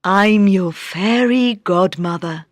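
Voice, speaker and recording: A woman voicing a gentle fairy godmother in a calm, reassuring way for a storybook. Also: mid-range voice, slow pace, no echo, clean studio sound. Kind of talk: storybook read-aloud.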